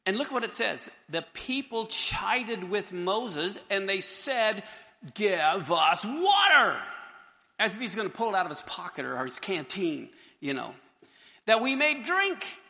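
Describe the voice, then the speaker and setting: Animated gravelly man teaching scripture. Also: sits high, moderate pace, hardly any pauses, in a large hall. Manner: acts out the crowds and Moses in lively voices. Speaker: Bible teacher.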